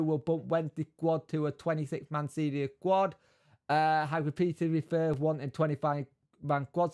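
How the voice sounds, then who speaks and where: A man's voice: on the high side, clear, resonant tone. A man hosting a casual live stream, greeting viewers by name and reading out news between chat.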